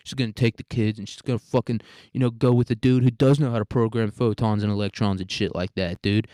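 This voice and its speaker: A man's voice: lowish voice, steady tone, fast, dark tone, dry recording, studio quality, close to an everyday voice. A man voicing an overworked male alien programmer who pleads in a frantic, whiny way and says "dude" constantly. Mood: panicked pleading.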